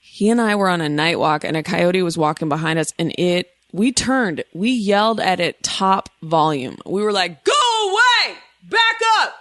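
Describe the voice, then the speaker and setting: A woman's voice: on the low side, moderate pace, few pauses, no echo. A woman in her thirties hosting a comedy call-in podcast, telling stories in a playful, joking way. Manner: playful, swears, mock campfire-story whispers. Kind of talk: casual comedic storytelling.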